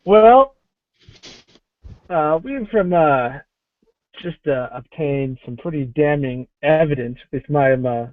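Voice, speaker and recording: Brusque, irritated man doing a female official, slow and deliberate, over a tinny call line. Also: a little high, lively intonation, no echo. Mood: annoyed. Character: annoyed female vice president, brusque and demanding. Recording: tinny phone-like call audio.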